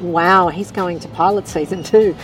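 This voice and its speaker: A woman's voice: on the low side, steady tone, normal speed, far from the mic, poor audio. Australian woman interviewer, light music. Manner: friendly, joking, laughs often. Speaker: entertainment interviewer. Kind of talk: casual interview chat.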